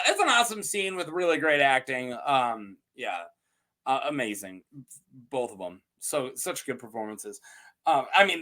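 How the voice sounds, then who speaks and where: A man casually reviewing a TV episode, his voice high and bright with wide swings in pitch. He fills the talk with ums and uhs and slips into quick put-on voices for the quotes. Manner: many fillers like um and uh. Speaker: podcast host reviewing a TV episode.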